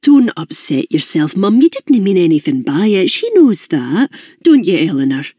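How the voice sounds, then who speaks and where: A woman's voice: fairly low pitch, big pitch swings, moderate pace, mellow, slightly rough, dry recording, studio quality. A woman voicing a teasing, easygoing grown son. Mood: soothing. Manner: teasing, reassuring.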